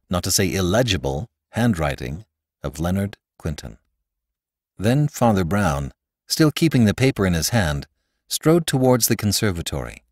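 A man narrating a classic story in an expressive, dramatic reading style as a podcast host. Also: sits low, no room sound, clean studio sound. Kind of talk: audiobook narration.

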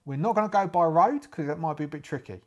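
A man's voice: fairly high pitch, lively intonation, quick pace, lo-fi sound. Man from Ireland, casual solo-game narrator, rambling and thinking aloud, many fillers.

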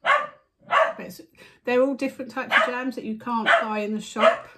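A middle-aged woman chatting casually at home as a crafting vlogger, gushing over her finds and breaking off to hush her dog. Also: fairly high pitch, steady tone, brisk. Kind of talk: casual chat. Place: at home in a living room. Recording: noisy home recording with dog sounds. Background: a dog barking and moving about.

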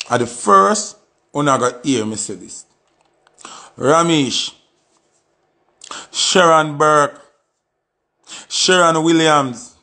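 A man's voice: fairly high pitch, pushed and bright. A man with a Jamaican accent delivering an impassioned, pleading monologue with lots of repetition. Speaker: artist giving commentary.

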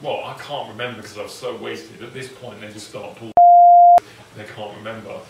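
A man's voice: lowish voice, steady tone, a little fast, far from the mic. An English man hosting a cooking vlog, rambling casually and joking at his own expense. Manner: joking, self-deprecating, rambling. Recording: echoey room, mic some way off, faint noise.

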